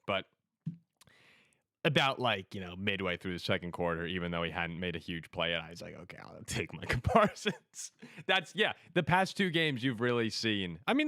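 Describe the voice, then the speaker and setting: A man's voice: fairly low pitch, sharp tone, dry recording, studio quality. A man hosting a sports talk show, telling stories animatedly and laughing often. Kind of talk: casual sports chat.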